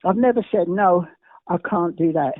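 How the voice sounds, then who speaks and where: An older Englishman, appearing as an interview guest, tells emphatic, repetitive, rambling anecdotes. His voice sits high and moves at a moderate pace. The recording is dry, with a tinny, phone-like quality.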